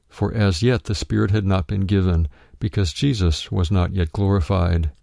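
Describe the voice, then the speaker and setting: Deep gravelly man reading a Bible study. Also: fairly even intonation, darkish tone, dry recording, clean studio sound. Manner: measured reading, citing verse references aloud. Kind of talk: scripted narration of a written teaching.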